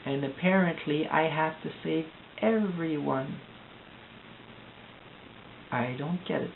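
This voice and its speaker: A distressed young man from Quebec, rambling anxiously in a confessional video diary, halting and repeating himself. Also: on the high side, creaky. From Quebec, Canada. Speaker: vlogger. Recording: tinny lo-fi audio with hiss.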